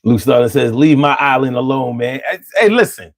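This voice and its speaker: A man's voice: medium pitch, animated, moderate pace. A young man hosting a casual stream, freestyling loosely and riffing on viewer comments in a streetwise way. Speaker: livestream host reading chat. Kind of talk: casual freestyle rap and chat.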